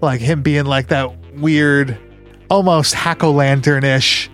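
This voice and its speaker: A man's voice: a little high, steady tone, slow, fairly bright tone, faint music behind. A man co-hosting a casual podcast chat about movies, laid-back and swearing freely with lots of fillers. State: hiccups. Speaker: podcast co-host.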